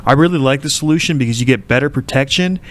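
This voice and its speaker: A man's voice: mid-range voice, fast talker. A man giving satirical video commentary in a mock-earnest, sarcastic delivery. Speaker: video essayist.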